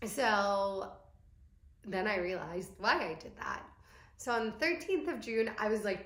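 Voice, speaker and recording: A woman's voice: mid-range voice, moderate pace. A young woman vlogger telling a candid, emotional personal story in casual speech with many fillers. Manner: candid, tearful storytelling with frequent "like". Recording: echoey room.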